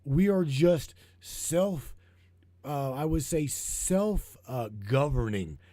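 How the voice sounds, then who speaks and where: A man hosting a broadcast, talking in a heated, profane, rambling way and repeating himself, his voice getting hoarse. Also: fairly high pitch, expressive, slow pace, mellow, dry recording. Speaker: broadcast host. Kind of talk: rambling conspiracy talk show.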